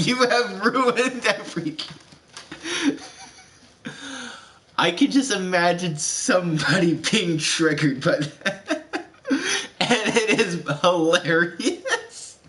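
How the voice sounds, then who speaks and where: A man's voice: high voice, a bit bright. A young man doing casual live-stream commentary over a video game, laughing constantly between rambling, self-mocking asides. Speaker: let's play streamer. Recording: game music playing behind the voice. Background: game background music.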